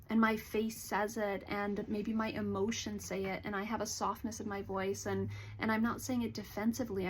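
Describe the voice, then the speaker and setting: A woman counselor giving a calm, earnest educational talk to camera, explaining things gently. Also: medium pitch, fairly quick, few pauses, a little hiss or hum. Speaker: licensed counselor.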